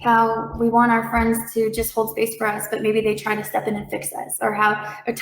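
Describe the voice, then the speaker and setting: A woman giving a calm, reassuring talk as a reiki practitioner, with playful voiced asides. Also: on the high side, normal speed, echoey room, a little hiss or hum, low-quality recording. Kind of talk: gentle explanatory talk.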